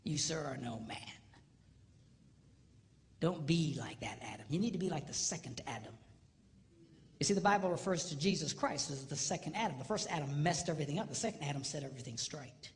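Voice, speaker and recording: A male seminar speaker addressing a live audience in a comedic, preacher-like way. He swings from hushed near-whispers to loud, laughing shouts. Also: fairly high pitch, animated, brisk. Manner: preacher-like exhortation. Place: large hall before a live audience. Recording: hall reverb with faint noise.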